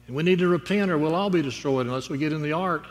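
Old Noah, voiced by a man in a sermon, speaks with earnest insistence and pushes his warning hard. The voice sits slightly high and echoes in a big hall. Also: fast, close to an everyday voice. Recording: long reverb in a large hall.

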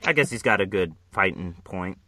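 A man's voice: deep voice, expressive, moderate pace, sharp tone, dry recording, clean studio sound. A man reading a comic book aloud with a friend, in a profane, rambling, jokey casual chat.

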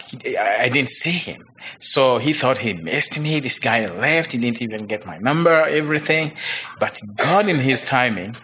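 A man with a Ugandan accent tells his personal testimony, voicing each side of a conversation in quick, lively bursts. His voice is bright and forceful. He chuckles often as he recounts what happened. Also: medium pitch. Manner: quick, animated retelling with acted-out dialogue and chuckles. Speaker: church member giving testimony.

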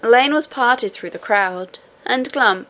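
A woman reading a classic children's fantasy novel aloud in a measured, expressive narration. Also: fairly high pitch. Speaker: audiobook narrator. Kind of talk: scripted narration.

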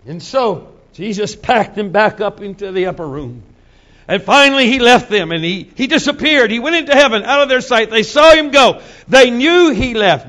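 A man pastor preaching a sermon with a fairly high male voice. His delivery is dramatic, sinking to soft, near-whispered passages and then climbing to loud shouts. The rhythm is slow and emphatic, with lots of repetition. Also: expressive, low-quality recording. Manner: dramatic, swings from hushed to shouting.

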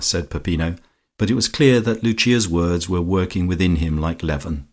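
A man narrating a comic novel in a very low voice. His reading is measured, with a dry comic touch. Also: darkish tone. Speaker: audiobook narrator. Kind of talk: scripted narration.

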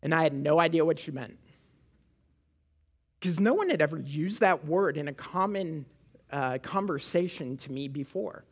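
A woman's voice: sits low, expressive, normal speed, long pauses, husky. A woman from Canada, preaching a sermon in church on a microphone, talking conversationally and often checking in with "right?". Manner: conversational, frequent "right?" asides to the congregation. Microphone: amplified microphone.

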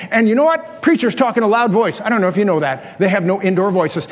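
A man's voice: sits high, fast, hardly any pauses. A man, preaching a sermon in a folksy, self-deprecating storytelling way, chuckling at his own stories. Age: 60s. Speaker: pastor. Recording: long reverb of a large church hall.

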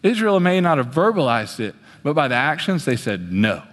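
A young male preacher with a high voice delivers an animated sermon from a stage. His pitch swings as he acts out quoted voices. A long reverb trails each phrase. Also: a little fast. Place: on a stage in a large hall.

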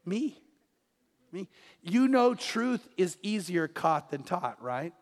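Middle-aged male pastor, high voice, animated storyteller, long church-hall reverb. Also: slow. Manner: animated storytelling, dropping to a hush for quoted lines. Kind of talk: sermon.

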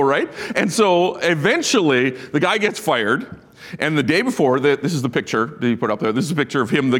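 A man preaching a sermon, telling stories with animated emphasis and laughing at his own asides. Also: on the high side. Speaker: pastor. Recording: long reverb of a large hall.

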